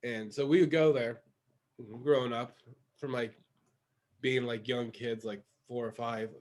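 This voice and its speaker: A man's voice: mid-range voice, fairly even intonation, measured pace, a little mellow. A man co-hosting a podcast, telling a story in a loose, rambling way with many fillers. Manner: rambling with fillers, laughs often. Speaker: podcast co-host, comedian. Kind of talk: casual comedic chat.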